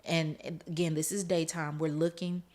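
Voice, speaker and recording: A woman with a slightly low voice tells her own testimony on a podcast, speaking straight to her listeners. She is emotional and earnest, and she laughs through the tense parts of the story. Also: flat delivery, moderate pace, a little mellow. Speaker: podcast host.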